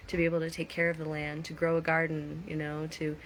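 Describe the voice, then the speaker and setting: Woman vlogger, lower register, casual and reflective, chats with her audience, faint background noise. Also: completely flat delivery, fast. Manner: chatty, reflective, reads viewer names aloud. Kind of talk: casual live-stream chat.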